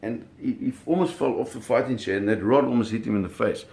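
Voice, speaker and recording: A middle-aged man casually telling a story, animated, with sound effects and acted quotes. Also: mid-range voice, quick pace. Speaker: storyteller recounting a fishing trip.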